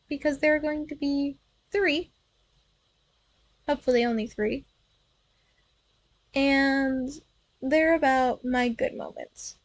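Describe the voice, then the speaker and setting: A woman's voice: sits high, poor audio. A young woman streamer casually telling personal stories in a chatty, playful way, correcting herself as she goes. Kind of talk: casual storytelling.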